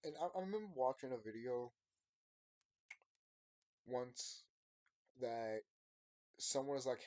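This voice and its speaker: Here the thirtysomething YouTuber sounds expressive and unhurried, his mid-range voice warm and punctuated by long pauses, with no room sound. He addresses his subscribers casually and emphatically in an unscripted, rambling, repetitive monologue.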